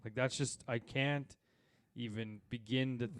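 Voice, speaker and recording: A man co-hosting a golf podcast, talking in casual chat and thinking out loud. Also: mid-range voice, fairly even intonation, measured pace, clean tone, no echo, clean studio sound. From Saskatchewan, Canada. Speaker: podcast co-host.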